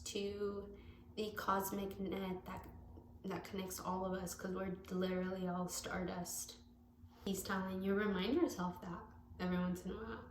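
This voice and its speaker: A woman's voice: medium pitch, vocal fry, darkish tone. A woman giving a casual tarot reading to camera, rambling and correcting herself as she goes, speaking with open affection. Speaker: tarot reader. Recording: echoey room with faint background noise.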